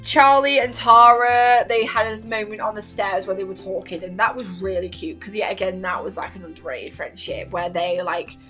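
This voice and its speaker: A woman's voice: medium pitch, normal speed, hardly any pauses, faint music behind. Gushing young woman. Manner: animated, gushing, acts out quotes with laughs. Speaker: YouTuber reviewing a TV series. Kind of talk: excited casual chat.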